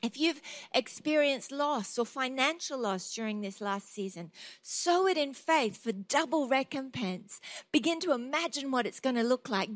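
A woman preaches with a high, bright-sitting voice, passionate and declarative as she urges her listeners on. The sound is close and dry, with no room echo. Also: expressive, moderate pace. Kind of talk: sermon.

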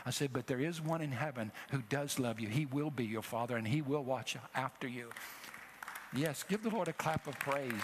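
A middle-aged man preaching a sermon, telling a personal story with emotion and rising to loud exhortations. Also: mid-range voice, moderate pace, some chatter behind, a little hiss or hum. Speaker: traveling preacher.

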